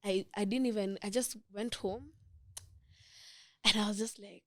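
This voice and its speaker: A young woman with a Kenyan accent, a guest in an interview, telling a personal story in an emotional, halting way with many restarts. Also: medium pitch, fairly even intonation, fairly bright tone. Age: young adult.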